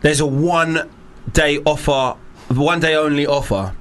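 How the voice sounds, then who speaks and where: A man hosting a casual podcast quiz game, joking and swearing with friends and sometimes breaking into excited shouts. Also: on the high side, measured pace. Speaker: host.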